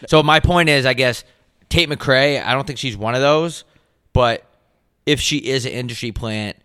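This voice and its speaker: Young male podcast co-host, bright tone, dry close mic, rambling and profane. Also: mid-range voice, normal speed, smooth, no room sound. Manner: laid-back, filler-heavy, swears a lot. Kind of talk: casual chat.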